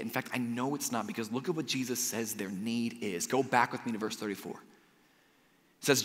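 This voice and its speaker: A male pastor preaching a sermon, telling stories in an animated way and using a lot of casual "like" fillers. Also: mid-range voice, normal speed. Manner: animated storytelling with frequent "like" fillers. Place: church sanctuary. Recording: long hall reverb.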